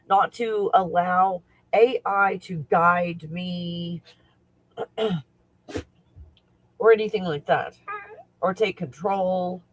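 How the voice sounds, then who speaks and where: Heard through a rough recording, this spiritual coach has a voice that sits high. Chatting on a livestream, he rambles excitedly and keeps bursting out laughing.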